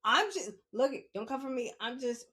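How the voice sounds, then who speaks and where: A middle-aged woman, telling stories in a casual monologue, animated and laughing often as she acts out what people said. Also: sits high, moderate pace. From New York City. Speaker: podcast host.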